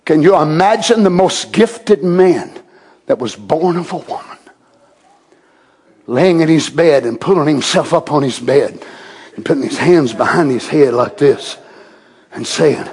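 A man preaching a sermon, swinging from shouted proclamations to hushed, drawn-out asides. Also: a little high, lively intonation, slightly rough.

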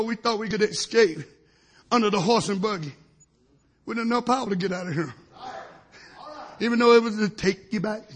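A middle-aged male preacher delivering a fiery sermon. He swings between shouted peaks and low asides, and drops in hallelujahs. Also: gravelly.

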